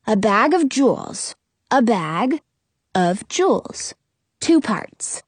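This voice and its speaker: A woman voicing an excitable young boy who explains things like a know-it-all. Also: unhurried, no echo. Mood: excited. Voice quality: high, excited.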